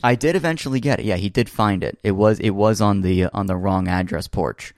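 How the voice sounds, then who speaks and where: A man's voice: lowish voice, fairly quick, darkish tone, dry recording, clean studio sound. Rambling young man telling a story. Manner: rambling, many fillers and restarts, laughs while telling. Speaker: storyteller in casual chat. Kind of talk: casual chat.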